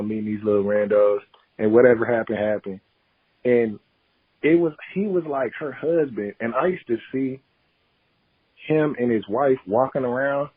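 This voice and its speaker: Husky man on a tinny phone line. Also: medium pitch, no room sound. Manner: slangy, says bruh and bro a lot. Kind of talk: casual podcast chat.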